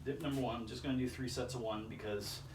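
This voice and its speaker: A man's voice: mid-range voice, far from the mic. A man chats aimlessly through his home workout, muttering his rep counts and chuckling at his own stories. He sounds a little strained from the effort. The voice comes from across an echoey room, with a faint hum of ambient noise underneath. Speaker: vlogger doing a workout. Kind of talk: casual self-filmed workout commentary. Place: indoor room with chairs.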